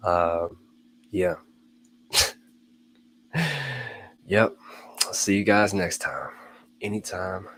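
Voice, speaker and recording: A man's voice: deep voice, fairly even intonation, extremely slow, long pauses, a bit bright. A man hosting a motivational talk, speaking casually, repeating phrases for emphasis and calling his listeners y'all. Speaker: host.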